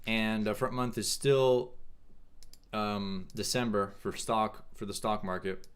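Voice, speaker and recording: A man hosting a casual trading livestream, thinking aloud in a halting way and answering chat questions. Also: fairly low pitch, steady tone, clear, resonant tone.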